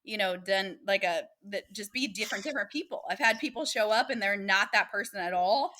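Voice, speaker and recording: A woman's voice: mid-range voice, fairly quick, sharp tone. A woman, animatedly telling dating stories as a guest in a casual interview and acting out the voices of the people she quotes.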